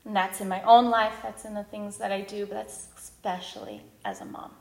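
A woman in her thirties, a speaker at a women's ministry gathering, giving a candid, self-deprecating personal testimony with lively storytelling. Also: medium pitch, fairly quick, gravelly, reverberant.

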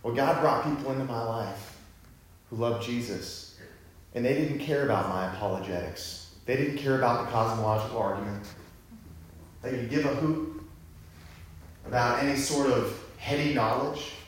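A man's voice: mid-range voice, normal speed, long pauses, heavy reverb, slight background noise. A man preaching a sermon, telling a personal story casually and then building to fervent emphasis. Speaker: pastor.

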